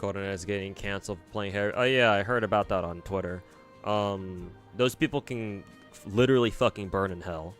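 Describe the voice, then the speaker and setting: A man with a fairly low voice talks fairly quickly over soft background music while streaming a game. He chats casually and reacts bluntly to viewer comments, drawling with plenty of swearing and filler words.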